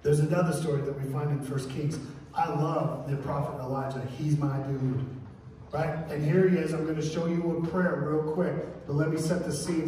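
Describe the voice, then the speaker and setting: A man preaching a sermon in a church, telling stories in an animated way with acted quotes. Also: fairly high pitch, slight background noise. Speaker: pastor. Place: church sanctuary. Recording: echoey hall, distant mic.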